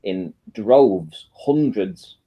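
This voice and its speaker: A man's voice: lowish voice, expressive, drawn-out words, highs cut off. A man chatting casually on an online video call, talking in a dry, matter-of-fact and defiant way.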